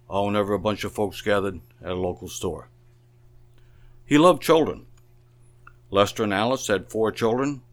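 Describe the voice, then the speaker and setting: A man reading aloud a memoir about his own family, telling it in a measured, plain storytelling manner. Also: on the low side.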